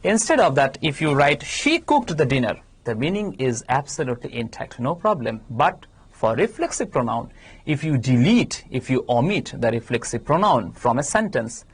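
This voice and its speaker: A woman with a Bangladeshi English accent teaching grammar in a televised class, explaining patiently and stressing key words with sudden leaps in pitch. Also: husky.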